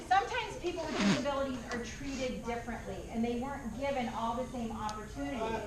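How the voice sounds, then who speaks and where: A woman presenting to a class of schoolchildren, animated and asking them questions. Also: on the high side, noisy background. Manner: animated, asks the children questions. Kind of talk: speaking to a class of students. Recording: echoey classroom from far off.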